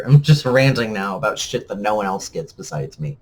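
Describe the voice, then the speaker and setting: A man's voice: lowish voice, lively intonation, moderate pace, a little mellow. A man ranting bitterly and sarcastically to camera in a vlog. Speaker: vlogger. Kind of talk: emotional rant to camera.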